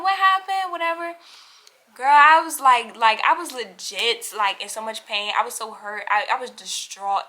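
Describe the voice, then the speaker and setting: A young woman telling a storytime vlog to her viewers in an animated, chatty way, acting out what other people said. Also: fairly high pitch. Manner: acts out other people's lines in quotes. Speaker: vlogger.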